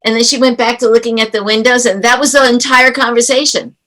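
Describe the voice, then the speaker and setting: In a conversational interview, a middle-aged woman who works as a parenting coach tells stories animatedly, acting out the dialogue she quotes. Her voice is a little high and fast, and the recording is low quality.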